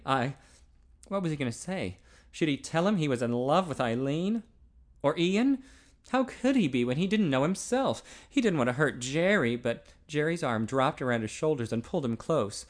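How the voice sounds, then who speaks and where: A man narrating a novel aloud in an expressive way. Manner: expressive, pitch swinging widely. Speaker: audiobook narrator.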